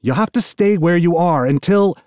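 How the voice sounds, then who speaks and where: A man's voice: high-pitched, expressive, normal speed, darkish tone, dry recording, clean studio sound, voice pushed up. A man voicing a stiff, commanding woman guard. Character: frightened female prison guard giving orders.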